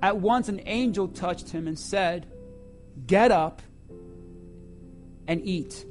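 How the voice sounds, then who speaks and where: A man preaching a sermon to his church, swinging between loud emphasis and hushed asides. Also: sits high, a little slow, faint music behind. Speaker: pastor.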